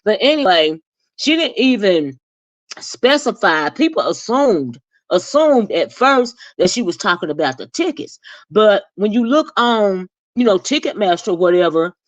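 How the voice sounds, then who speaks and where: Sassy gossip host, animated, dry close sound. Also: female voice, no room sound. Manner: sassy and animated, jumps high when acting out reactions. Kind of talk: casual celebrity gossip chat.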